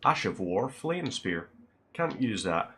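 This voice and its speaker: Male streamer, low voice, rambling casual chat, dry self-deprecating humor. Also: big pitch swings, slow pace, fairly bright tone, a little hiss or hum. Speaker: livestreamer.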